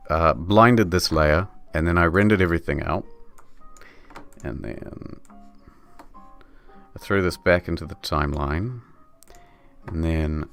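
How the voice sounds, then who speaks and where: A man's voice: deep voice, gravelly, fairly bright tone. A man chatting offhandedly on a live stream while editing a video, swearing now and then and reading viewer messages aloud. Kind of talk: casual live-stream chat.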